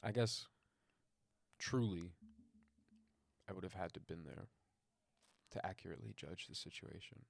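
A young man co-hosting a podcast, casual, with dry, deadpan and crude humor, on a close microphone. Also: deep voice, measured pace, gravelly, long pauses, no room sound. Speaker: podcast co-host. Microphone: close podcast mic.

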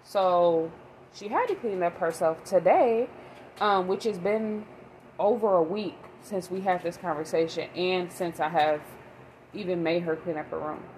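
A woman's voice: on the low side, measured pace, darkish tone, a little hiss or hum, rough recording. A woman vlogging about her day as a mother, talking in a rambling, emphatic way. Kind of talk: casual monologue.

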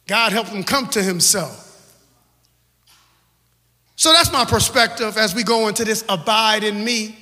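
Very high-voiced preacher man in his forties. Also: normal speed, bright, forceful tone, in a large hall. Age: 40s. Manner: call-and-response exhortation with rhythmic repetition. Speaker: pastor. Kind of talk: sermon. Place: church sanctuary.

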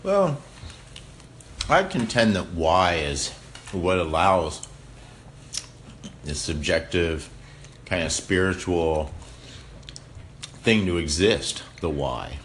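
Man, very low voice, slow and animated, arguing a point at a table with dishes clinking faintly. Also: slight background noise. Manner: musing, halting, repeats words. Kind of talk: casual debate.

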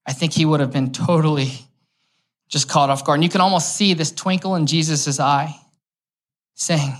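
A man's voice: a little high, fairly even intonation, normal speed, long pauses, a bit bright. Young guy giving a laid-back sermon, chatty, storytelling, throws in little jokes. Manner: casual and storytelling, with light humor. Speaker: preacher. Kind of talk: conversational sermon.

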